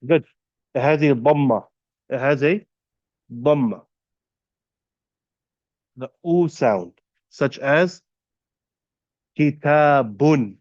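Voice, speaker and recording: A man teaching a classroom lesson, patiently quizzing students and repeating terms slowly. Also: medium pitch, lively intonation, a little mellow, no room sound, highs cut off. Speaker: Arabic teacher. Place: classroom at an Islamic center.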